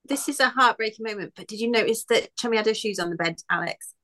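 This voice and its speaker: A British woman co-hosting a podcast, giving her opinions in a measured, casual way. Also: a little high, pushed and bright. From Britain. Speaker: podcast co-host. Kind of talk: casual chat.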